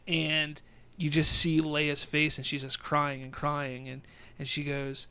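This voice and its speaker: A man's voice: a little high, monotone, slow, hardly any pauses, sharp tone, clean tone. A man co-hosting a podcast, retelling a film plot in a casual, rambling way full of "you know.". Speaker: podcast co-host. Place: indoor room, across a table from his co-host.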